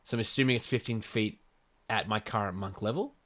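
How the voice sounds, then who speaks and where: A young man chatting casually at a tabletop game, with a bright, forceful tone. He trips over his words as he works through the rules. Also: fairly low pitch, a little fast. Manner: eager, stumbling over rules questions. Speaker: player.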